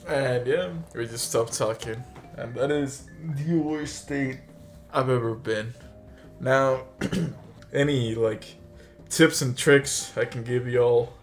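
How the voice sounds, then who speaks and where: In a casual storytime vlog, a young man rambles slowly through his tale, full of filler words and the occasional chuckle. His pitch is ordinary and mid-range, and soft music plays faintly beneath him.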